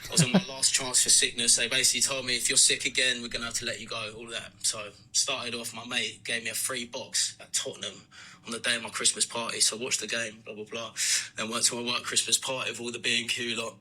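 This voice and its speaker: British male podcast host, very bright voice, comic storyteller. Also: mid-range voice, fast, poor audio. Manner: lively comic storytelling with laughs. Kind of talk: reading out a listener's story.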